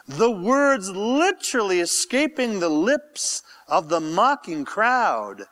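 A man preaching a sermon as pastor, then praying with passion and sinking into hushed whispers. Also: high-pitched. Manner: impassioned, dropping to hushed whispers in prayer. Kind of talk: sermon and closing prayer.

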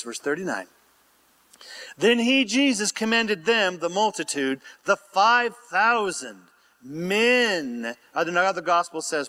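A man's voice: sits high, bright, forceful tone. A man preaching a sermon and reading scripture aloud with asides, prompting the congregation to call out answers. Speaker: pastor.

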